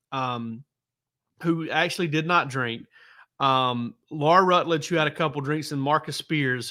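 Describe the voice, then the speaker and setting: A man's voice: mid-range voice, pushed and bright. A man, a sports reporter, telling laid-back stories on a casual podcast, rambling with many fillers and restarts.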